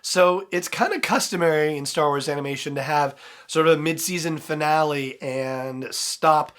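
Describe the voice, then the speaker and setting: A man's voice: fairly high pitch, normal speed, fairly bright tone, a little hiss or hum. A male podcast host talking through a throat cold, giving a loose, chatty solo recap of an episode with fillers and asides.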